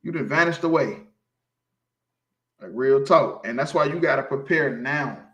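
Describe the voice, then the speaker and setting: A street preacher teaches scripture emphatically in an informal sermon, repeatedly asking "you feel me" to check that listeners follow. His medium-pitched voice is fairly bright and moves at normal speed. The sound is roomy, with the highs cut off.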